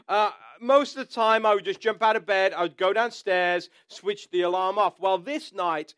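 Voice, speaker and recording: Male pastor, bright high voice, clean dry sound, chatty storytelling sermon. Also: clear, resonant tone, no echo. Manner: conversational storytelling with asides.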